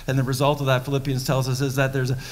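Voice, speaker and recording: A man's voice: mid-range voice, completely flat delivery, very fast. A male pastor preaching a sermon in a conversational, emphatic way. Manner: conversational, emphatic, acting out scenes. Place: church sanctuary. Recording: long reverb of a church hall.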